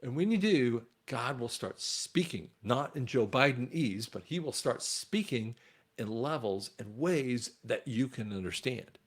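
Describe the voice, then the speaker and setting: A man's voice: mid-range voice, expressive, a little slow, breathy edge. Earnest man giving a faith talk. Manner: earnest, repeats words when restarting. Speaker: online commentator.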